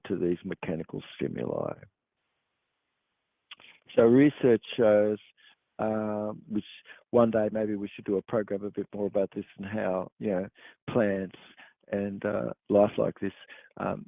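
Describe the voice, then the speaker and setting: A man hosting a show, explaining at length in a halting, rambling way with many fillers. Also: fairly low pitch, no echo. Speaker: podcast host. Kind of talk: meandering explanatory monologue. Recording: dry tinny phone-like sound.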